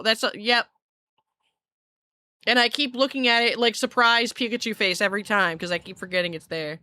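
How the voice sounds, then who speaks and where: A bright, lively woman from Scotland rambles through a casual livestream chat with viewers, giggling often and tripping over her own sentences. Her voice sits a little high and sounds close and dry from a desk mic, with no room sound around it. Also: normal speed, pauses often, no room sound. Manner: giggly, rambling, self-interrupting. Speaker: virtual streamer.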